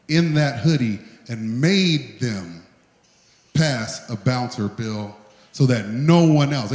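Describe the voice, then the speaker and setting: A man of middle pitch gives a heartfelt, plain-spoken tribute as the event's host. His voice rings with a long echo, as if from a big hall. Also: a little mellow. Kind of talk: emotional tribute speech. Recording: echoey hall.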